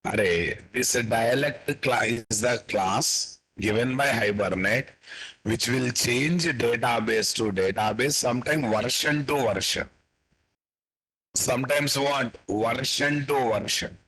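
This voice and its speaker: A man with an Indian English accent teaching a live coding class, slowly dictating code and repeating questions to his students before answering them himself. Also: medium pitch, fairly bright tone, breathy edge, low-quality recording. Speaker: programming instructor.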